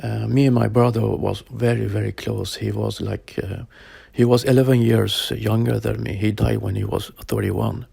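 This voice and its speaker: A man in his forties telling a personal story in a halting way, with plain phrasing and many pauses and fillers. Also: lowish voice, flat delivery, vocal fry, dark tone, breathy edge, dry recording. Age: 40s. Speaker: storyteller sharing a personal experience. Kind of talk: personal spoken account.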